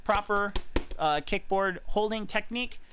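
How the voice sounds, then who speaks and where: A man's voice: sits high, unhurried, fairly bright tone, slight background noise. A man giving a casual swim technique lesson, explaining drills and counting out kick beats as he demonstrates. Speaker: swim coach. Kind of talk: casual coaching walkthrough.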